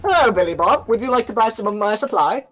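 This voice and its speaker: A player putting on a pompous, mock-posh British gentleman botanist in comic game role-play. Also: medium pitch, expressive, fast, a little hiss or hum, natural voice. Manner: theatrical mock-posh, flowery and formal.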